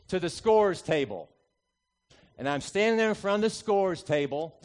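A man in his forties, a pastor, preaching a sermon that opens with a humorous personal story, told with lively, punchy emphasis. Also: fairly high pitch, moderate pace. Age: 40s.

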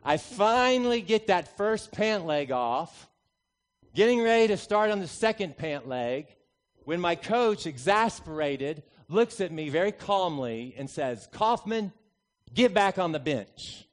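Starting his sermon with a humorous anecdote from his own life, a male pastor in his 40s preaches with lively, punchy emphasis. His voice sits high and his pace is measured.

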